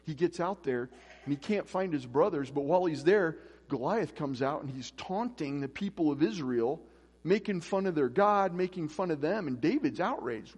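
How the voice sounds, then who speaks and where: A man's voice: on the high side, expressive, normal speed, darkish tone, slightly rough. A man preaching a casual, conversational sermon as pastor, acting out voices in his stories. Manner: conversational, acts out quoted voices. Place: church. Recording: echoey church hall.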